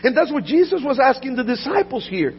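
A high-pitched man preaching with earnest intensity, stumbling over restarts and repeated words, sinking quiet and low when he speaks of pain. The audio is dull and lo-fi. A faint mains hum sits underneath. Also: big pitch swings, a little fast. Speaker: pastor. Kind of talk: sermon.

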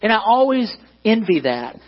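A man's voice: high voice, sing-song, normal speed, muffled recording. A man preaching a sermon as pastor, conversational and self-deprecating, often asking the congregation questions.

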